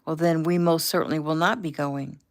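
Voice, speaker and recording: A woman's voice: low voice, fairly even intonation, fairly quick. A woman reading the lines of a chatty, polite female friend who hesitates as she talks. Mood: earnest.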